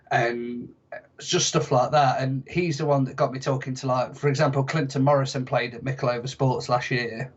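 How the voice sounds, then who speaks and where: A man's voice: medium pitch, fairly even intonation, normal speed. Chatty young man, dull audio. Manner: chatty storyteller, jokey and self-mocking. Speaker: podcast guest. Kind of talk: casual podcast chat.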